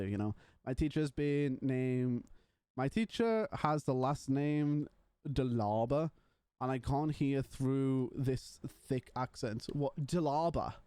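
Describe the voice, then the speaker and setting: A man's voice: medium pitch, mellow, smooth, no room sound. A young man streaming live and chatting casually with his viewers, rambling and joking with some swearing.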